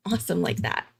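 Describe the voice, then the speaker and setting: A woman hosting a casual live-stream commentary, chatty and excitable, thinking aloud and laughing often. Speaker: true-crime commentary host.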